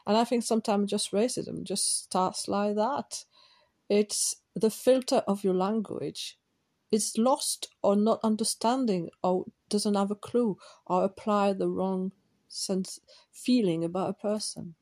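A woman's voice: medium pitch, a little slow, a little mellow. A French woman with a French accent, talking alone in a casual, rambling podcast monologue, drifting off track and poking fun at herself. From France. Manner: digressive, self-deprecating, thinking aloud.

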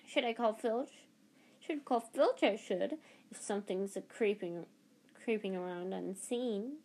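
A woman's voice: medium pitch, a little slow, a little mellow. A woman reading aloud and voicing a mischievous male poltergeist with a taunting, singsong manner.

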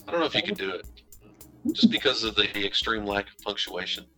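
A man co-hosting a casual podcast, talking in halting bursts with lots of fillers. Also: lowish voice, fairly bright tone, faint music behind. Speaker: podcast co-host. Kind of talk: casual chat.

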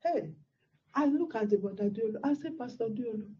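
A woman's voice: fairly high pitch, lively intonation, brisk, mellow, slightly rough, dull audio. A woman pastor, telling a personal testimony in a sermon with exclamations and repeated words.

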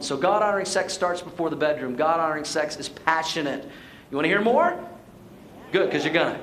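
A man's voice: high voice, fairly bright tone, echoey room, a little hiss or hum, low-quality recording. A man preaching a sermon as pastor to his church, playful and joking, then pressing his points with emphasis. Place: church sanctuary.

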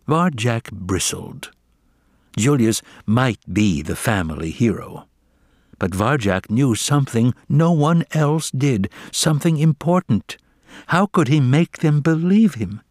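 Man with a lively storytelling voice. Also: medium pitch, takes it slowly, no room sound, clean studio sound. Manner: expressive, dramatic storytelling. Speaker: narrator. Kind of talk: reading a children's novel aloud.

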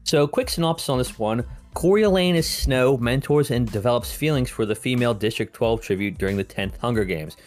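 A man's voice: mid-range voice, fairly quick, hardly any pauses, soft background music. A man co-hosting a film review podcast, chatting casually with lots of fillers and the odd swear word. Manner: rambling, filler-heavy and profane. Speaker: podcast co-host reviewing films. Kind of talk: casual chat.

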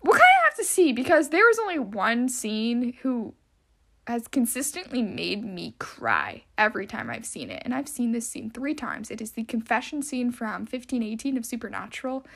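A woman's voice: on the high side, big pitch swings, moderate pace, creaky. A young woman hosting a casual solo podcast, rambling and chatty with lots of filler words. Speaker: podcast host.

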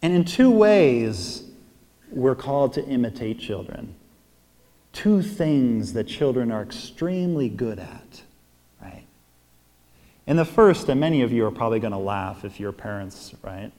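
A man's voice: medium pitch, lively intonation, unhurried, warm tone. A man preaching a sermon at mass in a conversational style, often checking in with his listeners by asking "right?". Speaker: priest. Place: church. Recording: long church reverb.

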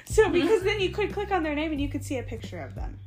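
A woman's voice: sits high, fast, soft background music. A young woman, a massage therapist, telling a story in casual chat and acting out the dialogue with laughs. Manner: animated, acts out dialogue with laughs. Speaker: podcast co-host, massage therapist.

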